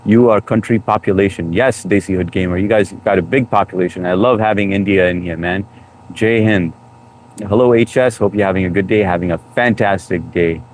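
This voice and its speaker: A low-pitched man chats loosely on a live stream, greeting viewers by name. His tone is playful and teasing, and a faint background hum sits under the voice. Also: fairly quick. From United States. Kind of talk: casual live-stream chat reading comments. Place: home room, New York.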